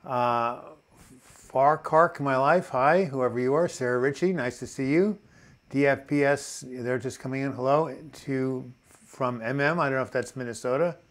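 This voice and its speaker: Older new york guy running a live chat, reading out comments and cracking corny jokes, medium pitch. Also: moderate pace. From New York City. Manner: chatty, reads viewer comments aloud, tells corny jokes. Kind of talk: casual live-stream chat, greeting viewers.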